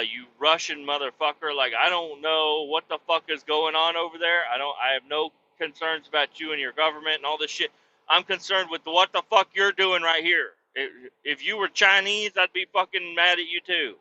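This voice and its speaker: A man ranting through a comic story with heavy swearing and stumbling restarts. His voice sits fairly high with a sharp, tense edge. The recording sounds dull and lo-fi. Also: brisk. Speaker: podcast host.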